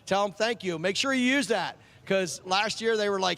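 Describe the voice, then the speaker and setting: The voice is high and fairly bright, moving at an ordinary pace. It's a speedway track chaplain outdoors, casually joking with kids over the PA, echoing their names, and handing out ice cream vouchers.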